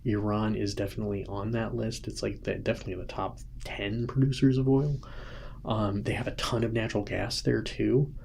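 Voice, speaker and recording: A man with a low, gravelly voice talks through the news in a loose, rambling way, stopping to restart and rephrase himself. It sounds like a casual home recording with a faint hiss underneath. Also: steady tone, fairly quick, darkish tone. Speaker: host. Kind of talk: casual political commentary. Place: home, with a sleeping child nearby.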